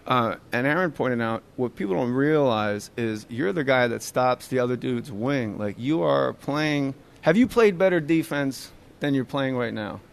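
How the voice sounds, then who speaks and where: A middle-aged man hosting a casual sports podcast, joking and rambling excitably. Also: medium pitch, measured pace, creaky, hardly any pauses, slight background noise. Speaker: podcast host. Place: arena after a game.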